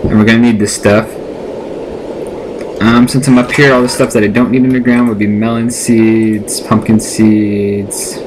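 A man chatting casually to himself and his viewers as he plays a game, recorded on a built-in laptop microphone. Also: lowish voice. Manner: chatty, rambling self-talk to viewers. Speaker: let's play gamer. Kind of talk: casual gameplay commentary. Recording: noisy lo-fi laptop mic recording.

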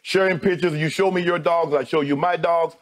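A middle-aged man, a TV sports debate co-host, giving an emotional on-air farewell and thanking his colleagues one by one, his voice sinking low as he speaks. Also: fairly even intonation, fairly quick.

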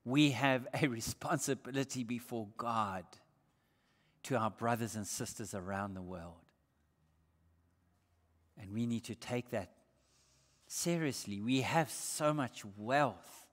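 A male pastor from Australia preaches an earnest, emphatic sermon in a church sanctuary, posing rhetorical questions to the congregation. His mid-range voice moves slowly with long pauses, and the recording has long hall reverb.

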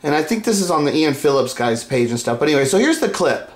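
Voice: medium pitch, sing-song, fast talker. Rambling, insistent vlogger in an echoey room. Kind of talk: casual rambling monologue to camera.

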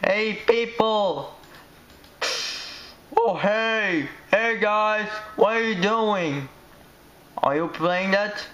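A man giving excitable, rambling commentary while he plays a game. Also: high-pitched, very slow, pauses often, highs cut off.

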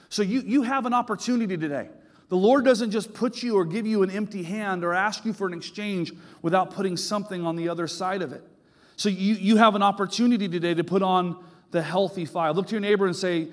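A middle-aged man preaching a sermon as pastor, telling stories with lively emphasis and frequent repetition. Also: high voice, a little fast. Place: large church sanctuary. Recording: long hall reverb of a church sanctuary.

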